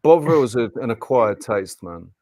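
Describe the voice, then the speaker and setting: A man with a mid-pitched voice co-hosting a loose online chat, rambling happily from one thought to the next. His voice sounds close and dry. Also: measured pace, no echo. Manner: relaxed, rambling, says "man" and "mate". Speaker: co-host. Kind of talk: casual live-stream chat.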